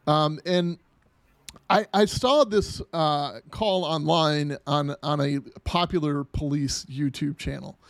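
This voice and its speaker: A man hosts a podcast in loose, casual chat, with a gravelly edge to his voice. He rambles and restarts often, and he sits a little high for a man. The sound is close and dry. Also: slow pace, no echo. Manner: rambling, many restarts and filler words. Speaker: podcast host.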